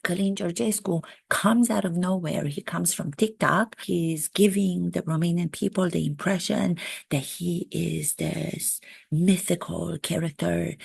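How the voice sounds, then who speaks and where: A gossipy, self-absorbed royal duchess, as a woman puts her on for a satirical monologue, rambling from one grievance to the next. Her voice sits low with a heavy gravelly fry and a breathy, husky edge. The sound is close and dry. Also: darkish tone, dry recording, heavily acted. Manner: rambling, chatty, self-pitying asides.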